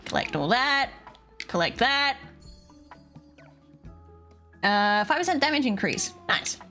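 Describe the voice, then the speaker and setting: A woman streamer giving live gameplay commentary, excitable and foul-mouthed, often talking straight to the characters in the game. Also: high-pitched, slow pace. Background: faint game music.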